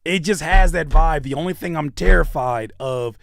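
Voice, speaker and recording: A man's voice: a little high, moderate pace, creaky, a bit bright, dry recording, clean studio sound. A man hosting a livestream where he reacts to music submissions, talking casually, joking and repeating phrases for effect. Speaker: host reviewing music submissions.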